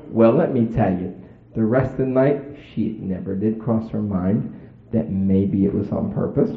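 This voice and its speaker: A man telling a folksy story to a crowd in a plain, colloquial way. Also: fairly low pitch. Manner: plain-spoken, colloquial, lively and playful. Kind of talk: folksy anecdote told to an audience. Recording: roomy, phone-like audio.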